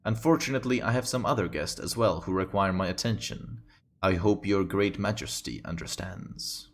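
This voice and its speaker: A man's voice: low-pitched, moderate pace. A man voicing a silky, scheming queen. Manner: silky, haughty, mock-polite. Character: scheming regal queen mother, woman.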